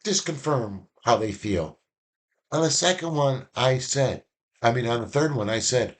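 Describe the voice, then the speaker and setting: Man giving a lively casual lesson. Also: mid-range voice, a little slow, long pauses. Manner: lively, acts out little dialogues. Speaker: instructor.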